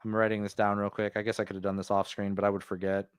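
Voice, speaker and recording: A man's voice: on the low side, monotone, rapid-fire, clean tone, dry recording, clean studio sound. A man hosting a pop-culture podcast, talking casually and rambling through fillers and restarts. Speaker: podcast host.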